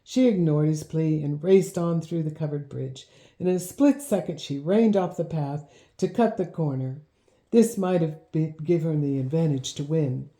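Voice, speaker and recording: A woman narrating a children's storybook in a measured, gently expressive reading. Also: deep voice. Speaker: audiobook narrator. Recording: roomy echo.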